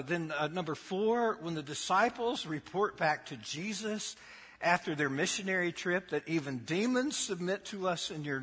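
Husky man preaching, lively and slow. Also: a little high. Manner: keeps asking the congregation questions; lively storytelling with laughs. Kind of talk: sermon. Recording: long hall reverb.

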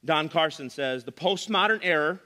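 A man delivers an emphatic sermon in a church sanctuary, pressing his points by repeating key lines. His voice sits a little high and rings bright and forceful. A long reverb trails each phrase through the hall. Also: expressive, moderate pace. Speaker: pastor.

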